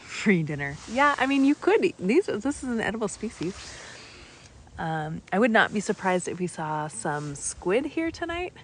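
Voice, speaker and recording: A woman giving live-streamed commentary on a night beach walk, bubbly and excitable as she points out sea creatures outdoors. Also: mid-range voice, moderate pace, a little hiss or hum. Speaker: naturalist guide on a live stream.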